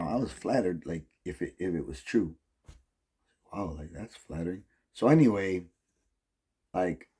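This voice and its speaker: Man, middle-aged, deep voice, husky, casual rambling, profane. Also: a little mellow. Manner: rambling, heavy use of "like" and "um", profane. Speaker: vlogger.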